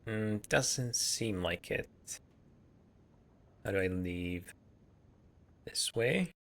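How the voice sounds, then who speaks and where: A man's voice: on the low side, drawn-out words. Man musing through a game. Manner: relaxed, musing, many hesitations. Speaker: let's play host. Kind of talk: casual game commentary.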